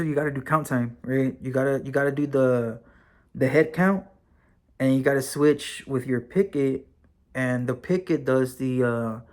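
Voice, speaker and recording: A man recording a vlog, telling a personal story casually with many fillers and the odd swear word. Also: mid-range voice. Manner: relaxed and conversational, with frequent fillers and occasional swearing. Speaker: vlogger and former correctional officer, now bus driver.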